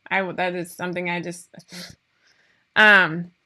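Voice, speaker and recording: Woman, thirties, bright tone, bubbly rambling host, casual live-stream chat. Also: fairly low pitch, little pitch movement, measured pace. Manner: chatty, bubbly, rambling with many fillers. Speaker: host of a sewing pattern company show.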